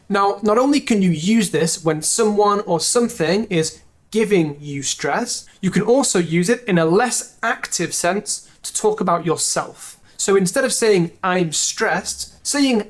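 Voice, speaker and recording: A teacher explains everyday English expressions straight to the camera. The delivery is clear and instructive, broken up by deadpan jokes and asides. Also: medium pitch, unhurried. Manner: dry, joking asides. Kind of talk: explaining a language lesson to camera.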